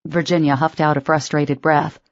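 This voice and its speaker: Female audiobook narrator, low voice, even read, dry muted studio sound. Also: moderate pace, dry recording, lo-fi sound.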